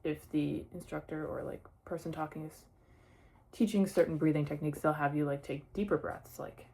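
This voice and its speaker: A woman's voice: deep voice, steady tone, normal speed, creaky, dark tone, breathy edge. A young woman talking casually in a personal vlog, sharing her experience with many "like" fillers. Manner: chatty, lots of "like" fillers. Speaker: vlogger.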